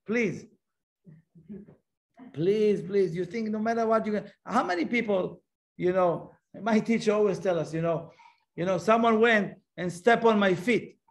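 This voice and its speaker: A man with a notably high voice teaches a spiritual class as a Kabbalah teacher. He talks emphatically, circling back on his words and posing rhetorical questions to his listeners. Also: unhurried.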